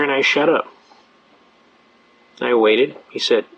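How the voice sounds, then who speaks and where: A man giving a lecture at a quick pace, telling a folksy story and acting out the dialogue. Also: mid-range voice, fairly even intonation, a bit bright, husky. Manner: rapid, folksy, acts out dialogue. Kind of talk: fast-paced lecture with storytelling. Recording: dull lo-fi remastered lecture tape.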